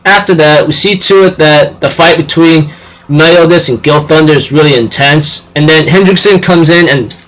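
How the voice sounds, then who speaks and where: A man's voice: fairly high pitch, normal speed, a bit bright, rough recording. A man casually recapping an anime episode, rambling with lots of fillers and repeated phrases. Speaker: anime reviewer.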